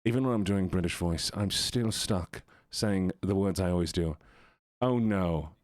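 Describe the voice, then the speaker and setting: A man's voice: low voice, normal speed, no echo, clean studio sound. A man streaming games who chats playfully and goofily with his viewers. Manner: playful, goofy, talks to chat. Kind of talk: casual live-stream chat.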